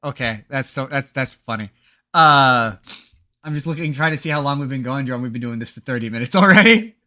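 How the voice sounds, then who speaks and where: Man, podcast co-host, casual chat, rambling, bright voice, mid pitch. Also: animated, brisk. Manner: rambling, many fillers and restarts.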